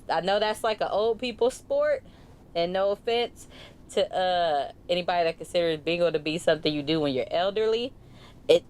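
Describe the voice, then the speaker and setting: A woman in her thirties with a low voice and a Bay Area Californian accent. She chats casually on a podcast and tells animated stories full of slang, voicing the other people in them. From San Francisco Bay Area. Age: 30s. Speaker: podcast co-host. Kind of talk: casual storytelling chat.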